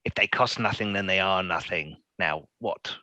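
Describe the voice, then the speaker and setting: A man's voice: deep voice, normal speed, sharp tone, no echo, pitched below the performer's own voice. A man voicing a grumpy, scrawny old male mage with curt, dismissive speech in a tabletop game.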